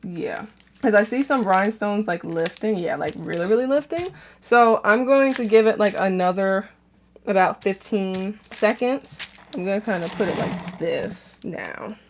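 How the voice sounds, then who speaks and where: A woman's voice: mid-range voice, unhurried, slight background noise. A young woman vlogging at home, chatting casually and laughing at herself as she talks through a do-it-yourself outfit project step by step. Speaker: DIY fashion vlogger. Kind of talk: casual crafting vlog.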